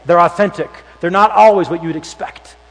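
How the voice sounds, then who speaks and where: A man preaching a sermon as pastor, animated and acting out the voices of the people in his stories. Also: high voice, a little fast. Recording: long hall reverb.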